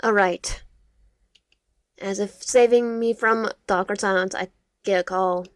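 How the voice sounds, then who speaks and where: A young woman reading a visual novel game aloud with her own comments, halting and stumbling over words, correcting herself as she goes. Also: medium pitch, fairly even intonation, no room sound, clean studio sound.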